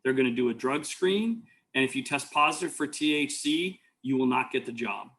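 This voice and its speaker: A mid-range, fairly bright male voice carries lively intonation at an ordinary speed. He's an EMT instructor mixing his lecture with rambling personal tales, full of fillers and restarts.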